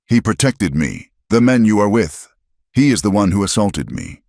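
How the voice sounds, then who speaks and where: A man playing a fierce shouting frontier woman. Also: on the low side, sing-song, moderate pace, gravelly, no room sound, studio quality, voice pushed up, full character voice. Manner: shouting, defiant.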